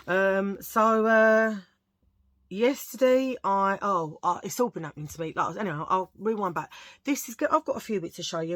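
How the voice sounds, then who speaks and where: A woman's voice: mid-range voice, moderate pace, fairly bright tone, dry recording. A woman with a Cockney accent, chatting casually to her channel viewers and telling jokey stories full of asides. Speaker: vlogger. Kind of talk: casual chat. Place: at home, sitting under a lamp.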